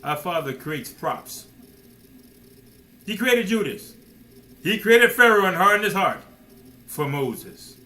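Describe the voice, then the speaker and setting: A man's voice: sits high, very animated, slow, long pauses, pushed and bright, poor audio. A man preaching a sermon emphatically, firing rhetorical questions and addressing listeners directly as man and son.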